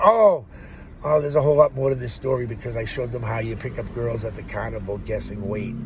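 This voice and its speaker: A man's voice: mid-range voice, moderate pace, background noise. Profane rambling man ranting in a car. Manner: profane, rambling, laughs often. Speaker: vlogger. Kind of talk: ranting monologue.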